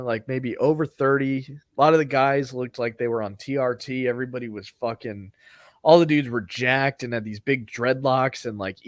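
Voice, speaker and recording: A man's voice: medium pitch, dry recording, clean studio sound. A man hosting a podcast who tells a comedy story in a rambling, profane, offhand way. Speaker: podcast host.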